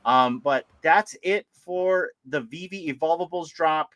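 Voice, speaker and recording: A man co-hosting a casual livestream about collectibles, animated and laughing often as he greets viewers by name. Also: a little high, unhurried, no room sound. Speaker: livestream co-host.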